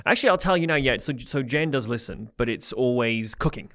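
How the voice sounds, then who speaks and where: A man's voice: medium pitch, expressive, brisk, a bit bright. A married man co-hosting a podcast in casual, teasing banter. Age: adult, married. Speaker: podcast co-host. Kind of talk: casual chat.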